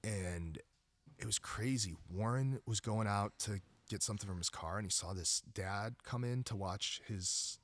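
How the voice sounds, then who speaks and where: Low-voiced man, earnest and halting. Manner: earnest, frequent restarts and fillers. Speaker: podcast guest, jiujitsu instructor. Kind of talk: casual conversation.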